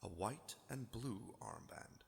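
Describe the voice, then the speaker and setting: A man's voice: lowish voice, animated, takes it slowly, gravelly, big-room sound. A man reading out story narration between scenes of his roleplay.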